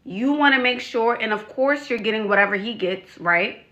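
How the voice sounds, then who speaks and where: Woman, advice vlogger and life coach; bright, slightly high voice; emphatic, repeats herself, fires off rhetorical questions. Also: normal speed, lo-fi sound. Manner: speaks frankly to young women. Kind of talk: direct-to-camera advice vlog.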